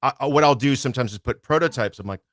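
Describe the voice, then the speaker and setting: A man who narrates audiobooks, talking in a relaxed, rambling way as a podcast guest and swearing freely. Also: medium pitch, very fast, no echo, clean studio sound. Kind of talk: casual podcast chat.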